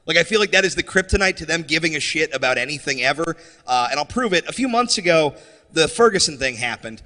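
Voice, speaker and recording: Stand-up comic, man, high and very animated delivery. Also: fast talker, in a large hall. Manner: animated, shifts into mocking voices for characters. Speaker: stand-up comedian. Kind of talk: stand-up set. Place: comedy stage before a live audience.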